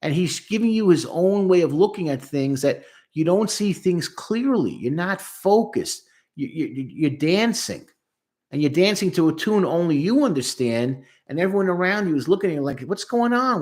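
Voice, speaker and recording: A man working as a therapist, whose voice is high, animated and a little mellow, moves at a moderate pace. He gives an emphatic take on a song, acting out voices and quoting lyrics as he explains.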